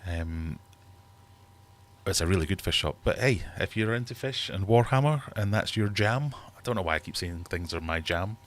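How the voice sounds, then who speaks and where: Man, british accent, thirties, very low voice, rambling livestream host, jokey, reads chat aloud. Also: animated, normal speed. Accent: British English. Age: 30s. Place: home fish room.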